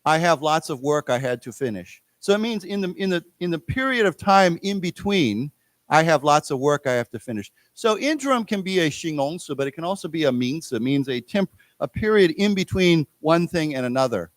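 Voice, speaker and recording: A man with an American accent teaching an English class in a lecture room. His voice sits a little high for a man and is recorded dry and close. He explains each word patiently and has the class say it back. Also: expressive, no room sound. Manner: explains words slowly, repeats them, drills the class. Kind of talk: English lesson for Chinese speakers.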